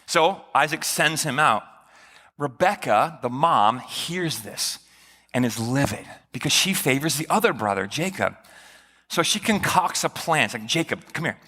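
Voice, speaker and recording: Animated, joking male pastor preaching. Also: mid-range voice, a little slow. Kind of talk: sermon. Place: church sanctuary. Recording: long church reverb.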